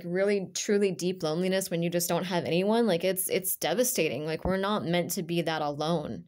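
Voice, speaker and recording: A woman's voice: on the low side, a little mellow. Rambling emotional woman tarot reader. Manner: rambling, emotional, many "like" fillers and restarts. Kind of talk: casual intuitive reading to camera.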